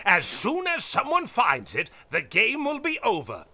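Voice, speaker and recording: A man voicing a wise, calm male jungle elder who referees games in a cartoon dub, speaking in a patient, lecturing way. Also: very high voice, a little slow, full character voice. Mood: instructive.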